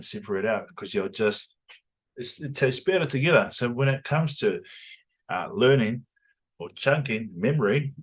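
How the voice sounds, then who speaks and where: Husky man pitching a language course. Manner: animated, rhetorical "right?" tags.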